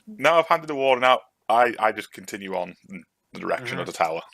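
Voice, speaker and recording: Bright-voiced man playing a tabletop game. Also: fairly low pitch, very animated, fast talker, gravelly, slight background noise. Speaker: player. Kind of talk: casual tabletop game chat.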